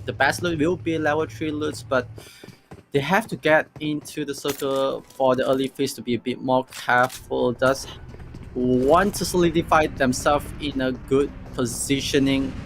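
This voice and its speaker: A man doing live play-by-play commentary on a mobile esports match, reacting with quick "ooh"s. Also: mid-range voice, slight background noise. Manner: excitable, frequent "ooh" and "oh" reactions. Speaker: esports caster.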